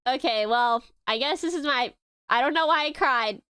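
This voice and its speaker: A woman's voice: sits high, normal speed, pushed and bright, smooth, no echo, clean studio sound. A woman streamer reacting to a video in casual chat, emotional, laughing and rambling.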